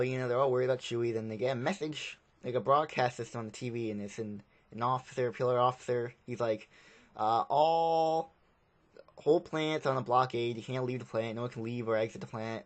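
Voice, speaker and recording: A man giving a casual, rambling spoken review of a film, often repeating himself. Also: medium pitch.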